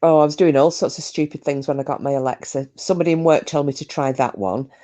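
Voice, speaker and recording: This low-voiced Australian woman runs a relaxed live stream, talking with her viewers by name and giggling frequently. She talks fast in a steady, mellow tone, and the audio is dull.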